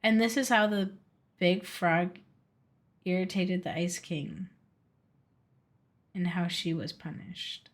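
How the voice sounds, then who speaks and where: A woman streamer reading a storybook aloud from a game, steady with small slips and restarts. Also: fairly low pitch, takes it slowly, pauses often.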